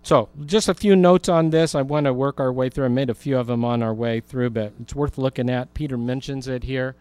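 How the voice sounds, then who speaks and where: A man's voice: mid-range voice, a little fast, a little mellow, clean tone, no room sound. A man preaching a Bible teaching sermon in a conversational way, with humorous asides. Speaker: pastor.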